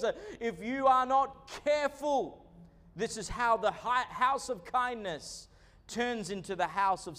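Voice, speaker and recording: High-voiced male pastor preaching slowly. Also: fairly bright tone. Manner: emphatic preaching, frequent "uh" fillers. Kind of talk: sermon.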